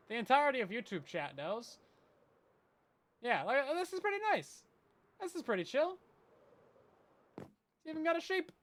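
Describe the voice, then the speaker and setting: Lively, high-voiced young man rambling. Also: moderate pace, long pauses, a little hiss or hum. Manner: rambling, self-deprecating, joking. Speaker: Minecraft streamer. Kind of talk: casual gameplay commentary.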